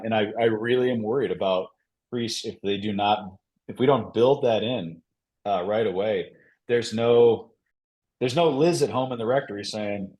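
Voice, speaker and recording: A priest from Minnesota speaking frankly and earnestly as a guest on a podcast. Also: male voice, on the low side, darkish tone. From Minnesota, United States. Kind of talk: casual podcast interview.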